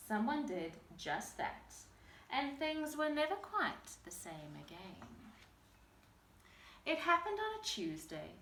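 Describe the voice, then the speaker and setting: A woman teacher reading a picture book aloud to young children in an expressive storytelling manner. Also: on the high side, roomy sound, a little hiss or hum.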